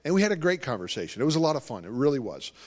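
A man's voice: mid-range voice, sing-song, very fast, darkish tone. A man giving a live talk to an audience as a Christian ministry speaker, telling stories animatedly and acting out conversations.

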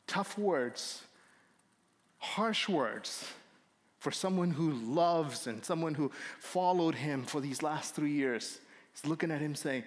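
Male pastor, sermon, earnest and emphatic, fairly high voice, long hall reverb. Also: unhurried.

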